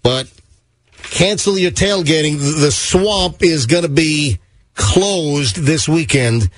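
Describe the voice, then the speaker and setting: A man hosting a radio morning show, chatting and joking with his co-hosts. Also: a little high. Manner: chatty, jokey, quick to laugh. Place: radio studio.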